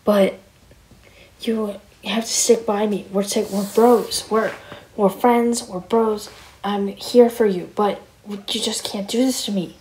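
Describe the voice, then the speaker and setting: A woman's voice: medium pitch, steady tone, slow, dark tone, a little hiss or hum, close to an everyday voice, poor audio. A woman voicing a young male wolf in a Minecraft roleplay, talking casually, calling everyone bro and stammering with fillers. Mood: earnest. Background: background music.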